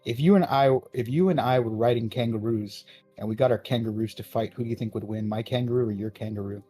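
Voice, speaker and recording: Man, podcast co-host, crude banter, mellow voice, faint music under it. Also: medium pitch, quick pace, husky, no room sound. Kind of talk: casual podcast chat.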